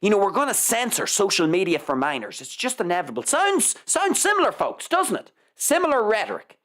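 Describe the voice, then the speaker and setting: Sarcastic woman host, lively pitch. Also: fairly quick. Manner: sarcastic and mocking, swears freely. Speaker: show host. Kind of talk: live news commentary reading articles.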